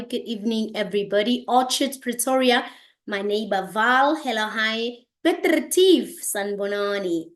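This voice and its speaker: A woman hosting an online business presentation on a video call, greeting attendees by place with lots of energy. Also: fairly high pitch. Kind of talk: upbeat online meeting presentation.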